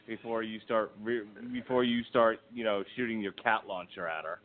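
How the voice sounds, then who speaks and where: A man hosting a casual podcast album review, joking and teasing his co-hosts. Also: moderate pace. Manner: joking, sings in falsetto. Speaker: podcast host. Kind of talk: casual chat. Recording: tinny phone-like sound.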